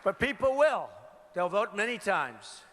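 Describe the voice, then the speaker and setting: A man's voice: high-pitched, big pitch swings, a little slow, a bit bright. A man giving a campaign rally speech, emphatic and repetitive, calling out to the crowd. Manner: emphatic, repeats phrases, calls out to crowd. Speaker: political candidate. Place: large indoor rally venue. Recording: reverberant arena with crowd noise. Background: crowd murmur.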